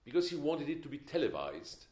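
A man's voice: on the high side, wildly swooping pitch, a little fast, darkish tone. An older man giving a film masterclass, opinionated and emphatic, with wry stories. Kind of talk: masterclass lecture. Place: lecture hall. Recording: echoey lecture hall.

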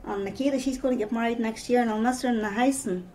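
A woman's voice: on the high side, quick pace, darkish tone, poor audio. A middle-aged woman with a Northern Irish accent giving a personal testimony, telling her story with many repeated "I says".

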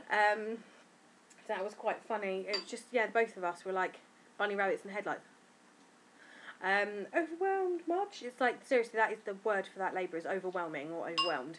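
A woman's voice: mid-range voice, fairly quick, a little hiss or hum. A tired woman, frankly and chattily telling her birth story in a casual vlog. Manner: chatty, frank and giggly, acting out quotes. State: tired from lack of sleep.

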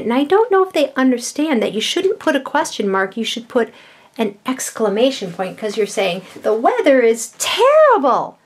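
A middle-aged woman, a mother, patiently explaining vowels and punctuation to young children, with slow, drawn-out words. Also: fairly high pitch. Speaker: children's educational video host.

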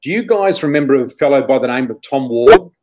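A middle-aged Australian man, a guest psychic, telling stories in an interview with an animated, rambling manner and frequent restarts. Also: mid-range voice, brisk, low-quality recording. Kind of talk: storytelling in an interview.

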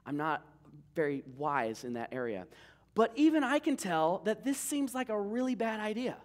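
A man preaching a sermon as pastor, telling the story in a casual, joking way. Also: sits high.

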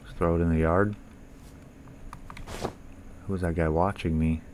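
A man's voice: low voice, fairly even intonation, a little slow, a little mellow, slight background noise. A young man casually commentating a horror game, joking, swearing and talking back to the characters. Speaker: gaming YouTuber.

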